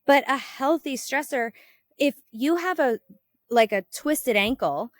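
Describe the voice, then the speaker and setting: A woman's voice: a little slow, no echo, studio quality. A woman hosting a health podcast in casual conversation, telling stories animatedly and acting out quoted exchanges, with frequent "like" fillers. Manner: animated storyteller, acts out quoted exchanges with sudden lifts in pitch and volume. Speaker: podcast host and health coach.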